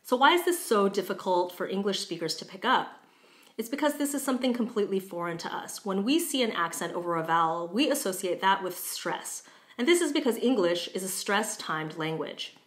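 A woman giving a pronunciation lesson, speaking clearly and deliberately and stretching out example words to show how they sound. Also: medium pitch, animated. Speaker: language teacher.

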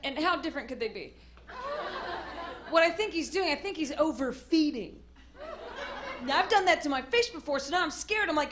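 A woman doing a stand-up comedy set on a club stage, bursting into loud acted-out voices and shouts. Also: sits high, lively intonation, normal speed, pauses often. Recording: live club with noisy crowd.

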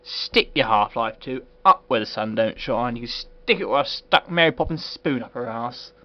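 A man's voice: mid-range voice, normal speed. A man doing a comedic game review in a put-on posh voice, sarcastic and full of swearing. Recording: dull lo-fi recording with faint hiss.

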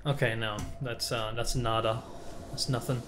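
A man's voice: mid-range voice, fairly even intonation, moderate pace. A young man giving blind playthrough commentary on a video game, exasperated, swearing and laughing at himself. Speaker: gameplay commentator. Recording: game music under the voice.

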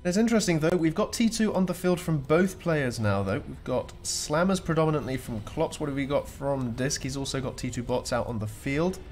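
A man's voice: fairly high pitch, brisk, hardly any pauses, darkish tone, faint music behind. A man commentating a strategy game replay, chatty and joking with playful asides.

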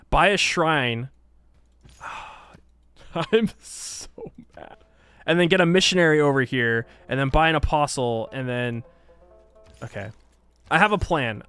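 A man's voice: on the high side, a bit bright, smooth, no room sound. A man commentating his strategy game, thinking aloud and exasperated at setbacks. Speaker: gaming YouTuber. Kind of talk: let's play commentary.

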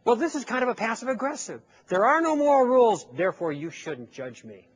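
Very high-pitched and brisk, with big swings in pitch, a man delivers a persuasive lecture to a live audience. The public speaker tells a story and acts out both sides of a conversation, leaning on rhetorical questions.

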